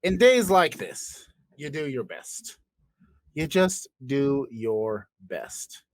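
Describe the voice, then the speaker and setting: A man's voice: mid-range voice, sing-song, slow, no echo. A man co-hosting a comedy podcast, spinning absurd made-up stories in a playful, joking way. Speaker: podcast co-host.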